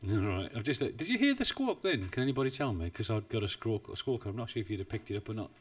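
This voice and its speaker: This man talks fast in a sing-song voice on the low side, rambling and self-deprecating with plenty of chuckles during a casual trading live stream. He's at a home desk in the UK. His desk mic isn't well positioned and he sounds far from it.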